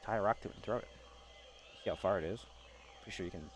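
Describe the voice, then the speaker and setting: A man's voice: sits low, quick pace, noisy background. A man playing a tabletop game, talking through a climbing plan with mild exasperation. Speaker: player.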